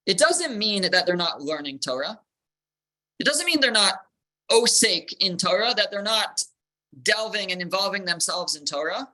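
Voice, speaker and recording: Rabbi guy giving a torah class, bright clear voice, repeats himself a lot while thinking it through. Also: sits high, rough recording. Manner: explanatory, repeats words while thinking, uses Hebrew terms.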